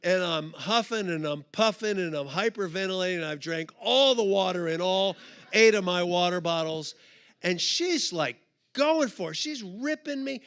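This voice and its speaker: Gravelly high-voiced storytelling man. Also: normal speed. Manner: animated, comic storyteller acting out quoted dialogue. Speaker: conference speaker. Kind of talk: storytelling sermon. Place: live conference stage before an audience.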